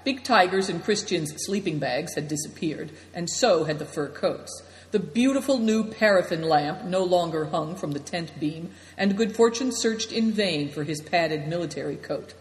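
Woman reading a story, steady, lowish voice, lots of hall reverb. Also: normal speed. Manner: steady, descriptive. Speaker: narrator. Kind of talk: audiobook narration.

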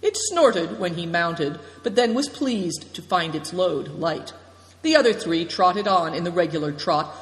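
An audiobook narrator tells an adventure tale with an animated, lively voice that rises and falls a lot. The reading sounds roomy, with a long reverb trailing after each phrase. The delivery stays steady and expressive throughout. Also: medium pitch. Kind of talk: scripted narration.

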